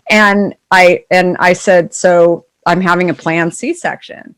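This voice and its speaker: Animated woman telling a story. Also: on the low side, a little slow, hardly any pauses. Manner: animated, acts out quoted voices in stories. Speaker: founder and CEO guest. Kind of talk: casual storytelling interview.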